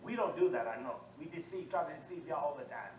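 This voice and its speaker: Man, high-pitched, fiery sermon, call-and-response, distant mic, echoey room. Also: lively intonation, quick pace. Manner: preaching with call-and-response, swinging from low talk to shouting. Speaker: preacher. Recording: echoey room, far from the mic, faint noise.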